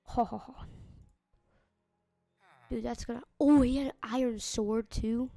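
A woman's voice: a little high, fairly even intonation, unhurried, vocal fry. Chatty woman narrating her gameplay. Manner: chatty, shouting at in-game animals and villagers. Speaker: gamer. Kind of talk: casual gameplay commentary.

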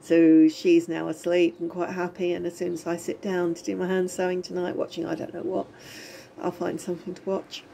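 A woman's voice: on the low side, completely flat delivery, fairly quick, vocal fry, warm tone, a little hiss or hum. A middle-aged woman giving a rambling, chatty video diary from her home, often breaking into giggles. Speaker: vlogger. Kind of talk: casual lockdown diary vlog. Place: home in Spain during lockdown.

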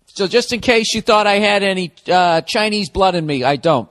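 Male podcast host, 40s, high-pitched, profane and rambling in a casual solo monologue. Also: lively intonation, normal speed, a bit bright. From United States.

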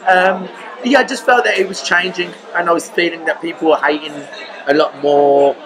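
A man's voice: fairly high pitch, moderate pace, poor audio. Joking Birmingham man over crowd noise. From Birmingham, England. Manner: animated, joking storyteller with crude humour. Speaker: guest comedian. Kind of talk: casual podcast chat.

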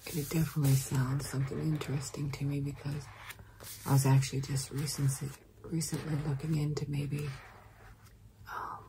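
Low-voiced woman whispering ASMR. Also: little pitch movement, background noise. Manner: soft, alternating whisper and quiet speech; slow, drawn-out words. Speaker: ASMR creator. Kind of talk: whispered ASMR mail opening.

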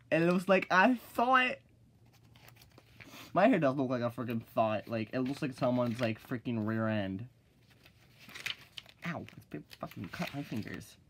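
A teenage boy vlogs in a loose, rambling way, with a middle pitch that sits about where most young guys talk. He swears and fills every gap with "like" and "freaking", then jumps into loud, squeaky exclaims to mock things. Faint noise hums behind him. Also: moderate pace. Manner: swings into loud high exclaims when mocking. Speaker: vlogger. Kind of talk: casual vlog chat.

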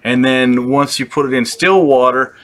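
A man's voice: mid-range voice, normal speed, a bit bright. A young man hosting a fly-tying show, who keeps it casual and makes playful, self-mocking jokes as he works. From British Columbia, Canada. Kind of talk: casual joking tutorial.

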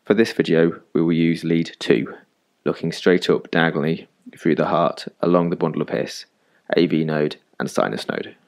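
Calm deep-voiced man explaining a lesson. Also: vocal fry. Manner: calm, measured explanatory delivery. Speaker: medical educator narrating an animated lesson. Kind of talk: scripted voice-over narration.

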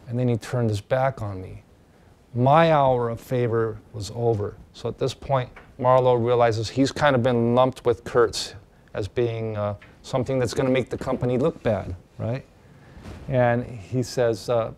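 A man's voice: medium pitch, fairly even intonation, measured pace, a little mellow. A male teacher giving a casual classroom lecture, talking in a loose, conversational way with many fillers and restarts.

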